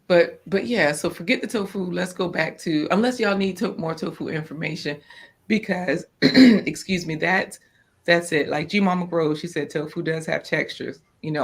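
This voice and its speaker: A woman co-hosting a casual live-stream chat about gardening and food, informal and quick to laugh. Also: sits low. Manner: chatty and informal, laughs often. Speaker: co-host of a homestead live chat. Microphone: off-camera, voice only.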